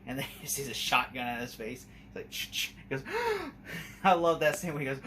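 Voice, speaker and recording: A young man casually reviewing a horror movie, rambling and excitable, often laughing and acting out lines. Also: medium pitch, fast, slight background noise.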